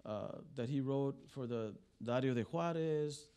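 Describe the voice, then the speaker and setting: A male attorney speaks to the press in a loose, story-telling way, stumbling through restarts and filler words. His voice has a gravelly, creaky edge, and sits at an ordinary middle pitch for a man. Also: measured pace, mellow. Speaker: immigration attorney. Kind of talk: press briefing talk. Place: press club briefing room.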